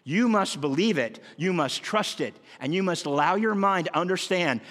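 A man preaching a sermon, his voice sitting a little high as he acts out scripture with animated, emphatic lifts. His words ring out through a long reverberant hall, like a church sanctuary. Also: moderate pace, hardly any pauses. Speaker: pastor.

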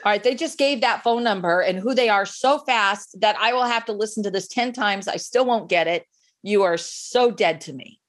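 Chatty woman coaching on sales in an interview, animated, lots of restarts, mid pitch. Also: normal speed. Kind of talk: conversational interview, giving advice.

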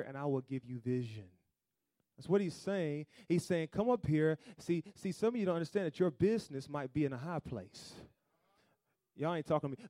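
A man preaching a sermon, calling out to the congregation and swinging from loud declarations to hushed, drawn-out lines. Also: on the high side, no echo, studio quality. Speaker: pastor. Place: church.

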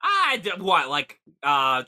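Bright, high-pitched man joking around. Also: huge pitch swings. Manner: jokey, goofy, quick to agree. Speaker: podcast co-host. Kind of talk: casual comedic chat.

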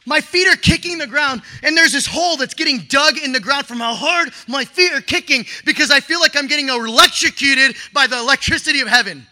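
Excitable young male storyteller, high-pitched and piercing, slangy, shouts at peaks. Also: a little fast, few pauses. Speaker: storyteller sharing a testimony. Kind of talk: animated personal testimony.

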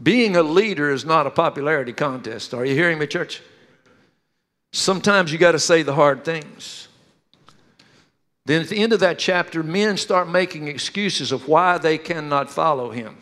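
A man with a high voice preaches to his congregation, telling stories with lively energy and calling out questions to the room. His words ring with a long reverb through a church hall. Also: moderate pace. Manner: animated storytelling with questions to the congregation. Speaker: pastor. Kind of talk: sermon.

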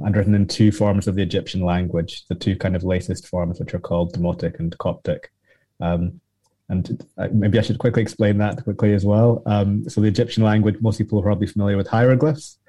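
A man answering as an academic guest in an interview, explaining at length with frequent pauses and restarts. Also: on the low side, warm tone, dry recording. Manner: explanatory, many ums and restarts.

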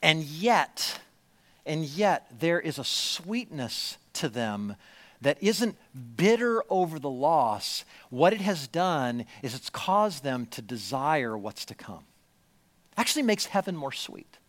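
A man preaching a sermon to a congregation, swinging from hushed storytelling to loud, emphatic lines. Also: on the high side, big pitch swings, slow. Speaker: pastor. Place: church, before a congregation.

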